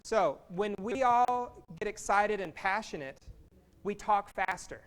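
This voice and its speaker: A workshop facilitator from Kansas, leading a live group icebreaker in an energetic, playful way and speaking slowly for the room. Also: medium pitch.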